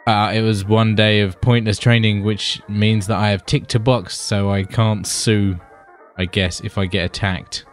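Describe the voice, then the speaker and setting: A man's voice: fairly low pitch, level tone, a little slow. A British man co-hosting a podcast in casual chat. He rambles and swears, keeps calling his co-host buddy, and has faint music behind him.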